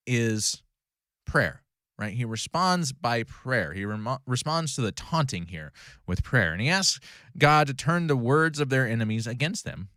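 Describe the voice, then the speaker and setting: A man leads a relaxed Bible study in a mid-pitched voice, talking through a passage conversationally and often stopping to correct himself or ask "right?" The sound is close and dry, with little room in it. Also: dry recording. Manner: conversational, frequent fillers and self-corrections, "right?" check-ins. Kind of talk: casual Bible study teaching.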